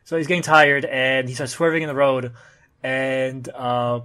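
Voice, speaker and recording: Man retelling a comic plot, halting. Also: medium pitch, level tone, sharp tone, clean tone. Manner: retells the plot with frequent "uh" pauses. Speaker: podcast co-host summarizing a comic. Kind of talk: casual chat.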